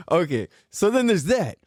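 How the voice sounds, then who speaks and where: Man, podcast host, casual comedy rant, frequent laughs, animated pitch, dry close sound. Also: dry recording. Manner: laughs often, swears, acts out relatives' voices.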